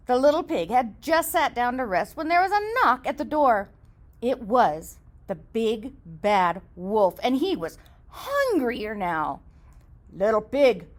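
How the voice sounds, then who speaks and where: A woman reading a children's story aloud in an expressive, sing-song storytelling manner. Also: on the high side.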